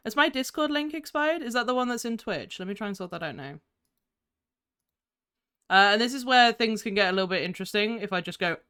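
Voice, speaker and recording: A woman's voice: fairly high pitch, expressive, normal speed, pauses often, a bit bright, clean tone. A young woman chatting casually on her first live stream, giggly and easily distracted, a little tired.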